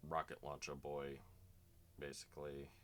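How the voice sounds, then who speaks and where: A man with a very deep voice talks casually as he paints miniatures for a stream. His tone is bright and forceful despite the low pitch. He rambles and chats with viewers between steps. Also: monotone, measured pace, a little hiss or hum. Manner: chatty, rambling, talks to chat while working. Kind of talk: casual narrated painting session.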